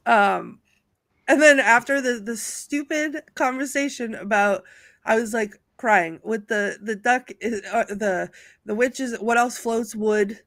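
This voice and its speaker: A woman's voice: fairly high pitch, measured pace, dry recording. A woman in casual chat on a movie panel, laughing often and reading aloud from her notes. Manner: giggly, animated, reads out notes.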